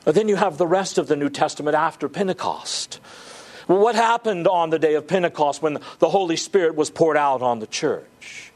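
Earnest male pastor, fairly high voice. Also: normal speed, a little mellow. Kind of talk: sermon.

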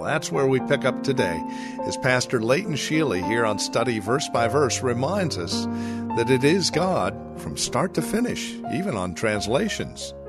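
A man announcing a radio sermon program in a lively, scripted introduction. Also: mid-range voice.

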